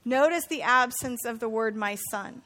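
High-voiced woman teaching a chatty Bible study. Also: moderate pace, sharp tone. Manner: chatty and playful, asks listeners questions.

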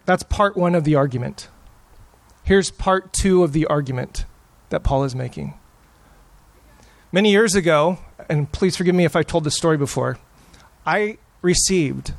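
A middle-aged male pastor preaching a sermon, telling stories with emphatic, dramatic pauses. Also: fairly high pitch, no room sound.

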